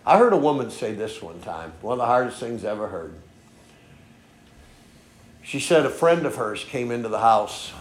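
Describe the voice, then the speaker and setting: A man preaching a sermon in a folksy storytelling way, peppering his points with "okay?" and swinging from soft asides to loud emphatic lines. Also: fairly low pitch. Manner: folksy storytelling, frequent "okay?" tag questions. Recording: echoey room.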